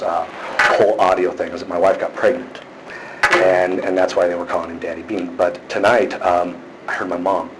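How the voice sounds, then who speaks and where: A man talking anxiously at a police station, rambling with many fillers and restarts. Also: lowish voice. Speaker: complainant. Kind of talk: casual conversation. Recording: noisy, echoey room from a distance.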